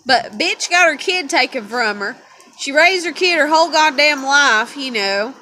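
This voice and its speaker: Lady vlogging, cussing nonstop, laughing thru it, kinda high voice, noisy background. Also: animated, moderate pace, bright, forceful tone. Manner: profane, swearing constantly, laughing as she talks. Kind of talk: casual rambling monologue.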